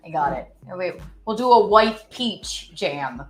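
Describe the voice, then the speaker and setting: A woman hosting a casual cooking livestream, chatting in an animated, giggly way and reading out viewer tips. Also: on the low side, a little slow. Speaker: cooking show host. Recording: echoey room with faint music.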